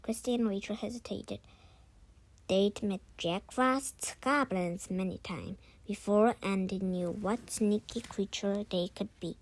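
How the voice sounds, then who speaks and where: A woman reading a children's book aloud, unhurried, often stumbling and correcting herself. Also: mid-range voice, poor audio. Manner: unhurried, with frequent slips and self-corrections. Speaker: read-aloud narrator.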